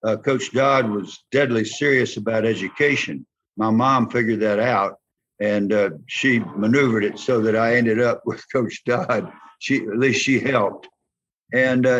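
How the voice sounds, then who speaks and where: An older man with a Southern accent, a former football player telling folksy, animated stories in an interview. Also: mid-range voice, normal speed, slight background noise. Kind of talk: storytelling interview. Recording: dull lo-fi sound.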